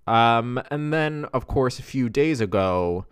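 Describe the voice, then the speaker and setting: A man's voice: mid-range voice, animated, slow pace, clear, resonant tone. A man in his twenties co-hosting a podcast, chatting casually and rambling with fillers. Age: 20s. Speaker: podcast co-host. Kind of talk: casual chat. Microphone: video call.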